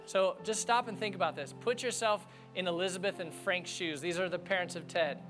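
Earnest higher-voiced man preaching. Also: brisk, a bit bright, faint music behind. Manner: conversational and earnest, speaking to the congregation directly. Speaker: pastor. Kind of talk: sermon.

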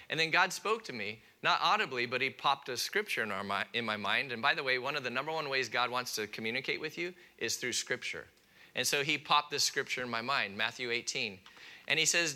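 Man, pastor, sermon, very bright tone, middle pitch, animated, soft on key points. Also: brisk. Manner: animated preaching, acts out listeners' objections in a raised voice; drops to a quiet, soft delivery on key points.

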